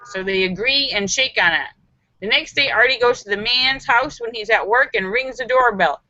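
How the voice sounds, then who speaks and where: A woman hosting a live stream, reading viewers' jokes aloud and acting out the voices with giggly, animated delivery. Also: a little high, normal speed, dry recording, muffled recording. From Los Angeles area.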